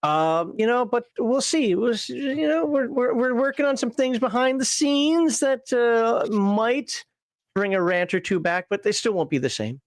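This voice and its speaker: A man's voice: very high-pitched, lively intonation, a little slow, no room sound. A man hosting a livestream panel show, reading viewer comments aloud and giving wry, opinionated takes with frequent fillers.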